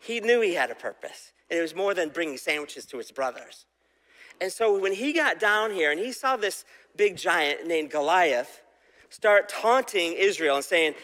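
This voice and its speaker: A man with a slightly high voice gives a relaxed sermon, retelling a scripture story as if chatting with friends. He keeps asking his listeners questions. The sound rings with a long hall reverb. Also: moderate pace. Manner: conversational, asks the audience questions, acts out quoted voices. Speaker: preacher.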